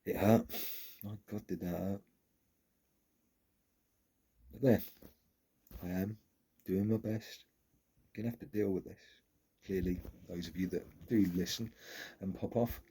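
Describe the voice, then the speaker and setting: A man's voice: deep voice, steady tone, measured pace, long pauses, dark tone, husky. A middle-aged man tells a personal story in a frank, candid way and swears casually.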